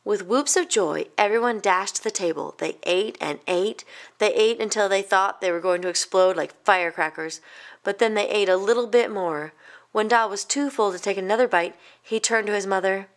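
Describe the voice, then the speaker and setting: A woman's voice: medium pitch, moderate pace. Woman reading a picture book aloud. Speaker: storybook reader.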